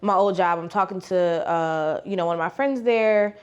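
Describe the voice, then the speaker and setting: A young woman vlogger telling her faith testimony in a casual, animated way, acting out the dialogue and using slang. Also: lowish voice, moderate pace, clear, resonant tone, lo-fi sound. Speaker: faith vlogger and life coach. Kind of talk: personal testimony storytelling.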